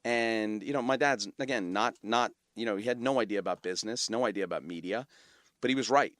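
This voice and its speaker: Guest spot: middle-aged New York man, low voice, dry close sound, animated storyteller. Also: fairly quick, no room sound. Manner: animated, repeats words, many fillers. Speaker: guest, company founder and CEO. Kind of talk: emotional storytelling in conversation.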